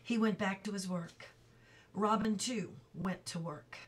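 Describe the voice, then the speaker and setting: A woman reading a children's book aloud, slowly and carefully, with small slips she stops to correct. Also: mid-range voice, distant mic, poor audio. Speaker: reader.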